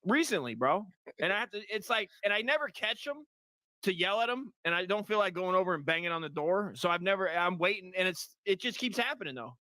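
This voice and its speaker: A man's voice: high voice, big pitch swings, a little fast, sharp tone, dry recording. A man co-hosting a comedy talk show, rambling and complaining in crude, profane banter. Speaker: podcast co-host.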